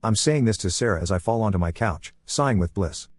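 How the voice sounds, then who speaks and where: A man narrating a story in the first person with plain, even delivery. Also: on the low side, brisk, dry recording.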